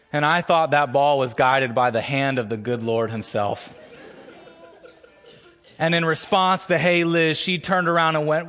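A man preaching a sermon as a church pastor, opening with a prayer and telling a story with earnest emphasis. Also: a bit bright. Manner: storytelling, earnest, builds emphasis with rising pitch. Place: church sanctuary.

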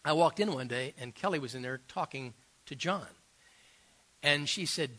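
A middle-aged man, a pastor, preaching a sermon and telling personal stories, swinging between loud emphasis and quiet asides. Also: medium pitch, normal speed.

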